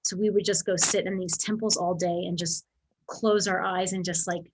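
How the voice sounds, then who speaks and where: A woman's voice: lowish voice, normal speed, slightly rough, rough recording. A woman in her forties recounting a trip in a loose, heartfelt ramble. She keeps circling back and restarting her phrases as the feeling catches up with her. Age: 40s. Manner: excited, emotional storytelling with many restarts. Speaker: guest sharing a story. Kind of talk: casual spoken recollection.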